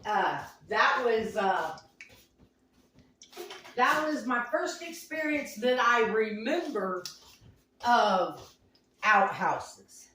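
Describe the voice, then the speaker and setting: A woman's voice: a little high, expressive, very slow, long pauses, pushed and bright, a little hiss or hum. A woman hosting a home cooking show, telling rambling, folksy stories in a casual way as she cooks. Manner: folksy, rambling, homespun phrasing. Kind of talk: casual storytelling while cooking. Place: home kitchen. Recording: echoey room, mic at a distance.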